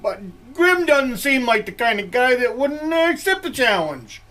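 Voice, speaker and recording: A man's voice: very high-pitched, very animated, normal speed, sharp tone. An older man with a Maine accent, a woodsman rambling folksy stories from his log cabin with plenty of chuckles. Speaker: woodsman vlogger. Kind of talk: rambling campfire storytelling.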